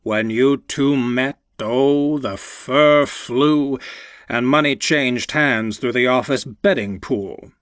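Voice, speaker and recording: A man narrating an audiobook, voicing a proud older male mentor who speaks with heartfelt, unhurried warmth. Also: mid-range voice, clear, resonant tone, dry recording, clean studio sound. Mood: tender.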